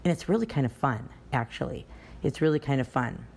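Low-voiced woman chatting on a podcast. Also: animated, brisk, gravelly, a little mellow, slightly rough. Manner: chatty, anecdotal, restarts often. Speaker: dance studio owner and podcast host. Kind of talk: casual podcast talk.

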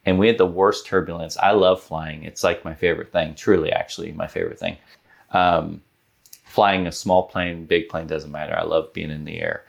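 A man in his thirties, a podcast guest telling a personal story in an earnest, animated way, with many fillers like "like". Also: low voice, moderate pace, creaky. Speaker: guest, business owner.

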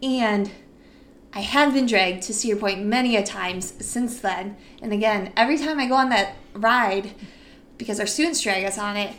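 A young woman co-hosting a casual chat, telling a story with lively re-enacted quotes. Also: mid-range voice, moderate pace. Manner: animated storyteller, acts out her own panicked quotes. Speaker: podcast co-host.

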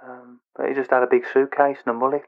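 A man's voice: mid-range voice, flat delivery, fast, pitched above the performer's own voice. A man voicing an awkward, eager male fan who talks earnestly and hesitantly over a phone line.

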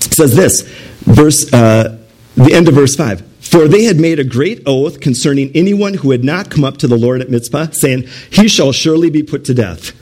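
A man's voice: fairly high pitch, moderate pace, darkish tone. A man preaching a sermon through a scripture passage, asking the listeners rhetorical questions and putting on pleading voices for the people he quotes. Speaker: pastor.

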